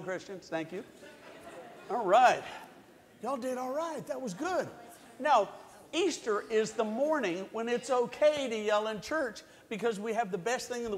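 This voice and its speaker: A middle-aged man telling a story to children in a church sanctuary, playful and coaxing. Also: high voice. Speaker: church leader giving the children's message. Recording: long church hall reverb.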